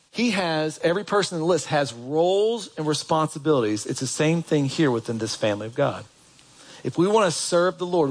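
A man preaching a sermon in a church, talking in a conversational way and putting questions to the congregation. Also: a little high. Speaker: pastor.

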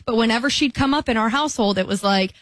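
A young woman with a fairly high voice chats freely on a podcast, slipping into quoted voices as she tells stories. The sound is dry and close, with no room around it. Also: fast, no room sound. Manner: chatty, acts out quoted voices. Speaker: podcast co-host. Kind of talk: casual chat.

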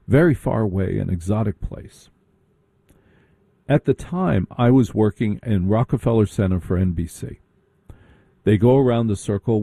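Dark-voiced man telling a sarcastic story. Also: medium pitch, dry recording. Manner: sarcastic, animated, mocking. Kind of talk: comic storytelling.

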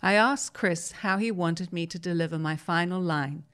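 A woman host reading a newspaper interview aloud in a measured, storytelling way. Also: fairly low pitch, a bit bright. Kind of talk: reading a magazine article aloud.

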